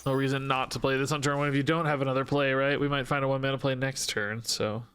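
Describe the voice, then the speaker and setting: Bright, clear-voiced male game streamer. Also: medium pitch, flat delivery, fast. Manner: thinking aloud, self-questioning, joking. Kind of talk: live-stream gameplay commentary.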